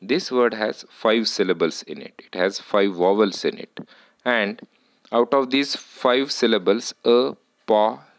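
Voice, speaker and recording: A man teaching a lesson on word stress, speaking deliberately, repeating words and correcting himself as he goes. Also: lowish voice, no room sound.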